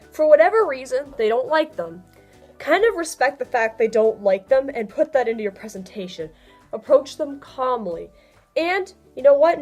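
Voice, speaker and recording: A young woman talks through casual advice in a fairly high voice, chatty and prone to little laughs. Her pitch jumps around as she gets excited. Soft music plays faintly under her. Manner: chatty, laughs often, lively swings in pitch. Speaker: vlogger.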